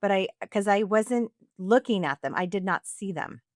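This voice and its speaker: A woman co-host spins a story in easy, casual talk, jumping into the voices of the people she quotes. Her pitch sits in a middle range and the sound is dry and close, with no room around it. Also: normal speed, no room sound. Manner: animated storyteller acting out quotes. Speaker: podcast co-host.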